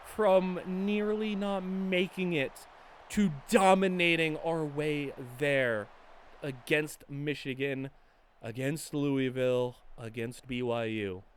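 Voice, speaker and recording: A hoarse young man giving excited commentary over a football video game, yelling at big plays and muttering between them. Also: fairly high pitch, takes it slowly, a little hiss or hum. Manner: yells and groans over plays, swings from hoarse mutter to shouting. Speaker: gaming YouTuber.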